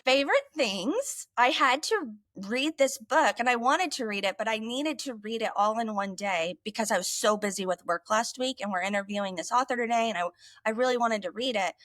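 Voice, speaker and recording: Chatty higher-voiced woman podcast host. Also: brisk, a bit bright, no room sound. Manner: emotional, tearful at times, chatty. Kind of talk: casual chat.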